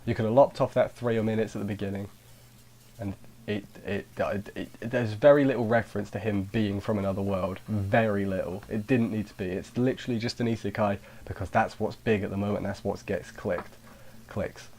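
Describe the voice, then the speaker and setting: A man's voice: on the low side, fairly even intonation, fairly quick, a little mellow. A man giving a casual anime review, rambling with frequent restarts and dry sarcasm. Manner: rambling, sarcastic, self-interrupting.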